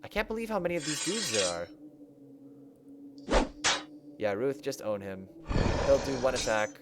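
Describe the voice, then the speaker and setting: A man's voice: mid-range voice, very animated, a little fast, heavy background noise. Chatty young man streaming a game. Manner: chatty, thinking aloud, self-mocking. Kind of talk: casual let's-play commentary. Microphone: desk microphone.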